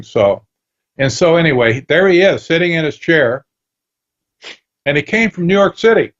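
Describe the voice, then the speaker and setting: A man's voice: a little high, normal speed, long pauses, dull audio. A man talking as a guest on a radio interview, telling stories with animation and acting out bits of dialogue. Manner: animated storytelling, acts out dialogue. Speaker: guest author.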